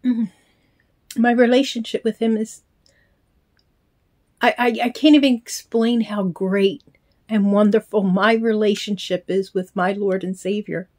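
A woman's voice: mid-range voice, steady tone, a little slow, long pauses. Older grandmother vlogger, chatty and gushing, recorded on a phone at home. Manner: gushing, warm-hearted, with filler ums. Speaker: reborn doll collector vlogger. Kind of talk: casual chat to camera. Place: small bedroom at home. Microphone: handheld phone.

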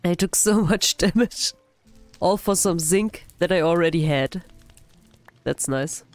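A woman with a sick, hoarse voice, giving casual, self-deprecating commentary while playing a building game. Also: on the low side, measured pace, soft background music. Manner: self-deprecating, frequent laughs. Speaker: gaming channel host. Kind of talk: casual let's-play commentary.

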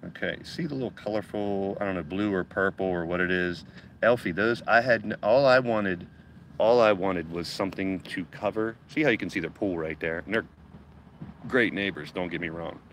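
Deep-voiced chatty man outdoors. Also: normal speed, a bit bright, slight background noise, rough recording. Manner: chatty, swears casually, reads chat aloud. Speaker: gardening livestream host. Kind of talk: casual livestream chat. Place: outdoors in a backyard garden.

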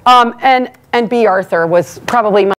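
A woman comedian doing a stand-up monologue at a live event, brassy and self-mocking, often bursting into loud rants. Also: medium pitch, moderate pace. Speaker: comedian hosting an awards event. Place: live event stage before an audience.

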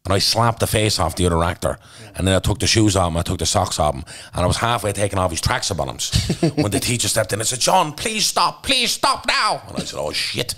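A man's voice: low-pitched, fast talker, a bit bright, no echo. A man with a Dublin accent, a podcast guest telling his story bluntly and intensely, swearing freely. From Ireland. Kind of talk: candid storytelling in conversation.

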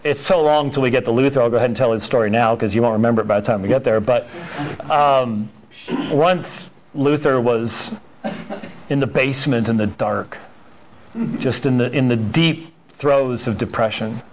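Man, Sunday school teacher, church history lecture, mid-pitched voice, conversational, lots of fillers and restarts. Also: normal speed, slight background noise, low-quality recording. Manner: acts out quoted dialogue in storytelling. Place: church classroom.

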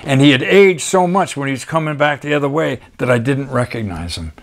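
A man's voice: mid-range voice, fairly quick. An older man, a documentary photographer, talking casually through his photographs with rambling, folksy asides. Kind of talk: storytelling slideshow talk.

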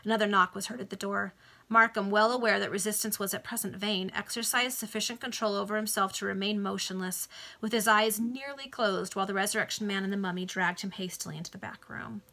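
A woman's voice: medium pitch, steady tone, quick pace, sharp tone. A woman casually reading a classic novel aloud over a video call, stopping to explain the text in chatty asides. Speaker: reader.

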